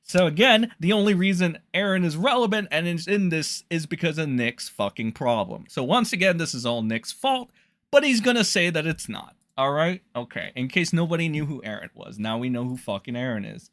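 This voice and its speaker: Guy ranting in a commentary video, swears a lot, rambly, slightly high voice. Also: expressive, brisk, fairly bright tone, dry recording, studio quality. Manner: profane, scornful, rambling. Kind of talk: casual commentary rant.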